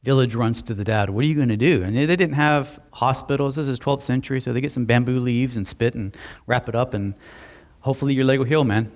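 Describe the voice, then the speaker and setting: Man preaching an animated sermon. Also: medium pitch, brisk. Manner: animated storytelling with asides. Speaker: pastor.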